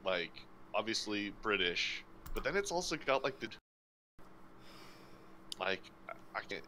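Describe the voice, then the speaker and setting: A man's voice: on the low side, big pitch swings, unhurried, bright, forceful tone, slight background noise. An American man in casual voice chat while gaming, joking and rambling with lots of fillers and restarts. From United States. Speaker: gamer in voice chat.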